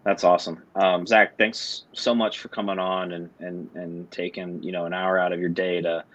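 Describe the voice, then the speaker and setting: A man's voice: low-pitched, little pitch movement, normal speed, fairly bright tone. A man hosting a podcast, interviewing a guest in a friendly, appreciative way. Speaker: podcast host. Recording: dull lo-fi sound.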